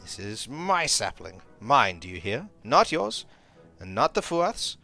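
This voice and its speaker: A man's voice: mid-range voice, sing-song, slow, gravelly, pushed and bright, soft background music, exaggerated voice. A man voicing a playful, possessive fairy ruler in a sing-song, faintly posh reading voice while he plays a game. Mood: jealous. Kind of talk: reading game dialogue aloud.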